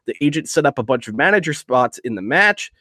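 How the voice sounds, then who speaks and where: A man's voice: mid-range voice, big pitch swings, a little fast, bright, forceful tone, no echo, clean studio sound. A man co-hosting a podcast, reading wrestling news aloud and ranting sarcastically about it, with frequent swearing. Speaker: podcast co-host. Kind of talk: casual podcast chat.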